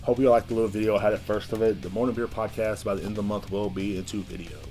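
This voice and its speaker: A man hosts his own podcast with a low voice and a brash, profane, rambling delivery. He talks in loose casual rants. Faint guitar music plays behind him. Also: steady tone, racing, mellow. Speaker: podcast host.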